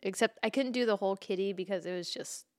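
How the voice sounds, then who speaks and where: A woman's voice: mid-range voice, quick pace, dry recording, clean studio sound. A woman co-hosting a podcast in casual chat, telling stories through laughter and plenty of swearing. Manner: laughing storyteller, swears freely. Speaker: podcast co-host.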